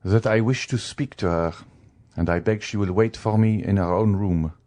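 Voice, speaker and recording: A man's voice: on the low side, steady tone, normal speed, darkish tone, close to an everyday voice. A man voicing a stern, gloomy magistrate who speaks curtly and imperiously. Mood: curt cold. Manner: curt, imperious. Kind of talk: audiobook character reading.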